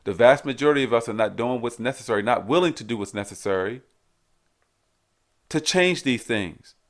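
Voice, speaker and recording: A man's voice: medium pitch, lively intonation, moderate pace. A man hosting his own show, delivering a blunt, preachy ranting monologue full of repeated rhetorical questions. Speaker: host.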